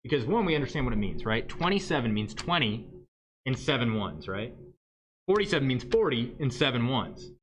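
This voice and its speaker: A man's voice: medium pitch, very animated, a little fast, a bit bright, slight background noise. A male math teacher giving a livestreamed lesson in a joking way, often checking in with "right?". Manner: joking, asks "right?" constantly.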